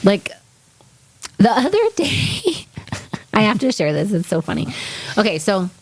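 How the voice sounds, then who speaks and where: Animated woman telling a story. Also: medium pitch, measured pace, slightly rough. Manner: animated storyteller, acts out quotes, swears. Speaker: podcast co-host. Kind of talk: casual chat.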